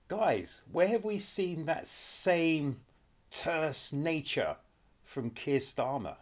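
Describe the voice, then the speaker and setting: Middle-aged male reaction host, animated, repetitive, chatty with viewers. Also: a little high, extremely slow. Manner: animated, repetitive, addresses viewers as guys and people. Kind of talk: reacting to a clip, commentary.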